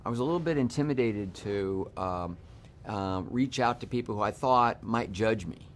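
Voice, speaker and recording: A man, a film director, giving measured, thoughtful advice in a junket interview. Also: on the low side, slight background noise.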